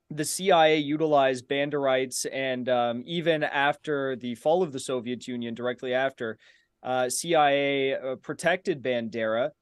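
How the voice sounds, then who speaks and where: A man's voice: mid-range voice, smooth, no echo, clean studio sound. A young man in a heated online debate, giving long answers in a taunting, argumentative way. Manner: taunting, repeating a jab.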